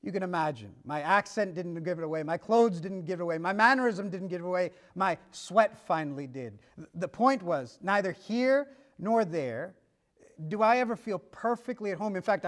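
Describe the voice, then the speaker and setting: Male pastor, sermon, high-pitched voice, storytelling with acted-out dialogue. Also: animated, normal speed. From United States.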